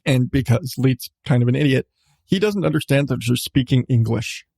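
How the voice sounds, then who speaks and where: A man's voice: medium pitch, normal speed, vocal fry, darkish tone, husky, no room sound, studio quality. A male podcast host in casual chat, enthusiastic about what he reviews, laughing often and restarting his sentences.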